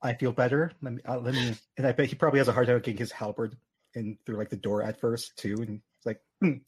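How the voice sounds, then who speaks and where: A woman tabletop player who pleads earnestly with others in character. Her voice is strikingly deep and somewhat husky. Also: level tone, quick pace, a little mellow.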